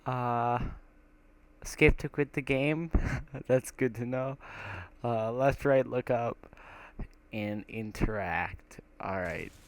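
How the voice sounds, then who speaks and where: A man's voice: medium pitch, slow pace, long pauses. A young man playing a horror game, reading its text aloud and reacting with nervous laughs and whispers. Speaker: gameplay commentator. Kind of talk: casual let's-play commentary, reading game text aloud. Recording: rain and thunder from the game behind. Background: loud rain and thunderstorm game sounds.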